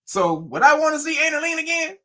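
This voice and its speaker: A man's voice: very high-pitched, a little fast. A middle-aged man hosting, telling a family story to viewers casually, swearing and laughing a lot. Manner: animated, swearing, laughing often. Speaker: host.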